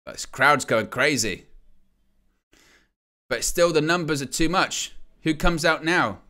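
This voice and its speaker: A man's voice: on the high side, slow pace. A man hosting a live wrestling watch-along, calling the action with jokes and laughter. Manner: joking, excitable play-by-play with laughs.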